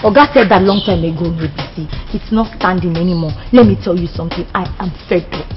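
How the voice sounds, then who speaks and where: An actress with a Nigerian accent playing a loud, gossipy young woman who can't stop talking and breaks into excited shouts, with music under it. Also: lowish voice, quick pace, highs cut off, natural voice. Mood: excitable. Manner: excitable, boisterous, bursts into shouts. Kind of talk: film drama acting.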